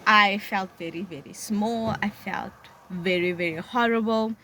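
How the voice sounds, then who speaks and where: A woman's voice: mid-range voice, a little slow, pushed and bright, a little hiss or hum. A young woman tells a personal story in a candid, conversational way. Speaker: vlogger.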